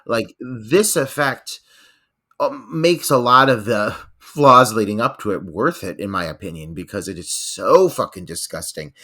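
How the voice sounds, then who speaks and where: Brief: male podcast co-host, lively pitch, bright tone, keen film talk. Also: a little slow. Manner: enthusiastic, animated opinions with fillers. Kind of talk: casual movie discussion.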